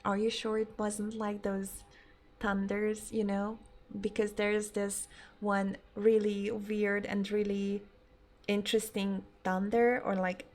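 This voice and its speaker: A woman's voice: mid-range voice, little pitch movement, takes it slowly, darkish tone, slight background noise. Chatty young woman streamer, swearing freely. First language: not English. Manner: chatty, swears often, laughs easily. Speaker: game streamer. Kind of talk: casual live-stream chat.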